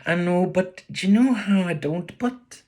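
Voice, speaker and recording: A man with a Belfast accent voicing an anxious, soft-spoken young boy in a high, pleading voice. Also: measured pace. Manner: high, pleading, eager to please.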